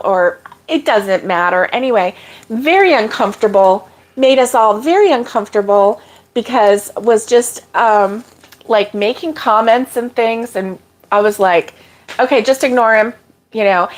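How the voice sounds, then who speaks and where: Slow-talking chatty woman host. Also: medium pitch. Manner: chatty, rambling, with fillers. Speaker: live stream host. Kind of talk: casual live-stream chat. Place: home kitchen.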